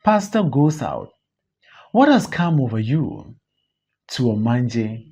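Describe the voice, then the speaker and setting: Slow, husky audiobook reader of a play. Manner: slow, measured reading with lively pitch swings. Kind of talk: reading a stage play aloud, stage directions included. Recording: dull, muffled recording.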